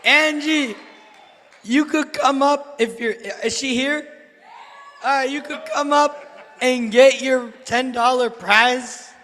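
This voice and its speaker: A hoarse man with a very high, bright voice jokes his way through announcing contest winners at a banquet. He talks slowly and hypes the crowd. His voice rings with long reverb through a large hall. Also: fairly even intonation. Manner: joking, playful, hypes the crowd.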